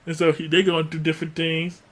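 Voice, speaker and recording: A man co-hosting a casual podcast about a cartoon, speaking, animated and quick to laugh. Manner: animated, acts out cartoon lines in high squeaky voices, laughs often. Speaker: podcast co-host. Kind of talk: casual chat reviewing a cartoon.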